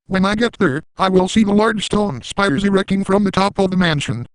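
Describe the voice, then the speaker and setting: A man's voice: high-pitched, normal speed, clean tone, no room sound, natural voice, poor audio. A man voicing a crude, manic cartoon dad in an absurd parody monologue, ranting and making repeated sound-effect noises.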